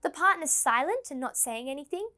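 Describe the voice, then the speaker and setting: High-voiced woman teaching literature. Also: animated, brisk, bright, forceful tone. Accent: Australian. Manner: explains clearly, reads quoted extracts aloud. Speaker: English teacher. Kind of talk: scripted lesson narration.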